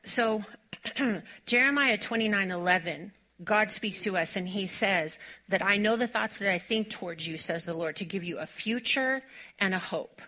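A woman pastor preaching a sermon in a church, telling a personal story in an animated way. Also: mid-range voice. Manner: animated storytelling, laughing often, fast-talking asides. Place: church sanctuary.

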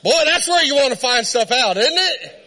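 A man preaching with a strikingly high voice that rings bright and forceful. He tells a comic story in his sermon and keeps it lively, laughing as he goes. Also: normal speed.

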